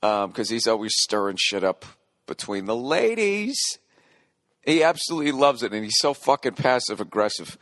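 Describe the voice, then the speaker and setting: A man's voice: on the low side, animated, fairly quick, a bit bright, no echo. A man in his forties hosting a podcast in a rambling comedic monologue, swearing freely, mimicking club beats with his mouth and heckling himself in asides. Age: 40s. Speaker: podcast host.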